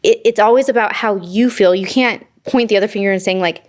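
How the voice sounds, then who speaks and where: Relaxed woman hosting a chat. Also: mid-range voice. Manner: relaxed, halting, with restarts and soft agreement sounds. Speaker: podcast host. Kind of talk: casual conversational interview.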